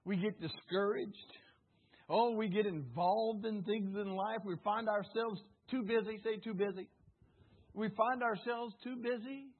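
A man preaching with a high, husky voice, urging the congregation to answer him back. His delivery jumps between loud exclamations and near-hushed asides. The audio sounds thin and phone-like. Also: fairly even intonation, unhurried. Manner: fervent preaching with call-and-response prompts to the congregation. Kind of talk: sermon. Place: church service.

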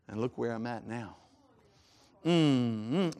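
A man preaching a sermon in a folksy, joking way, his chest congested and given to coughs, swinging from loud to hushed. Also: mid-range voice, fairly even intonation, unhurried, creaky.

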